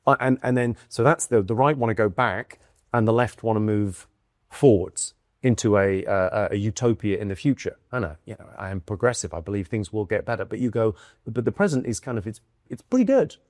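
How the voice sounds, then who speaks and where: A man's voice: lowish voice, fairly quick, dry recording. A man from the United Kingdom, a comedian guest in a casual conversation, musing aloud with dry wit and many restarts. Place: indoor room in London.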